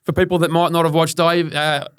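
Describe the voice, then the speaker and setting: A man co-hosting a podcast in quick, jokey, casual banter. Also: fairly high pitch, flat delivery, clear, resonant tone, dry recording, studio quality. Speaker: podcast co-host.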